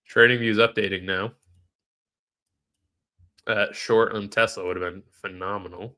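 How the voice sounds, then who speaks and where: A man's voice: fairly low pitch, fairly even intonation, measured pace, bright, forceful tone. A man with a nasal, stuffed-up voice, live-streaming trading commentary in a casual way, thinking aloud and answering chat questions.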